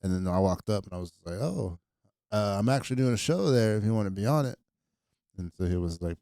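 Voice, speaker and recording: Low, smooth-voiced laid-back man. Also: animated, brisk, dark tone, dry recording, studio quality. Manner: laid-back storytelling with frequent slang. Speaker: comedian and podcast co-host. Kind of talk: casual podcast chat.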